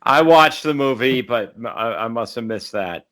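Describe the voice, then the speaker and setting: Man, mid-pitched voice, easygoing, casual podcast chat. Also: lively intonation, moderate pace, a bit bright. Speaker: podcast co-host.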